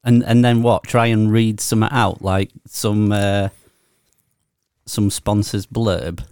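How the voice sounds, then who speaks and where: A man's voice: lowish voice, level tone, slow, a little mellow, smooth, no echo, studio quality. A man with a Yorkshire accent co-hosting a casual podcast chat, grumbling and swearing as he complains. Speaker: podcast co-host.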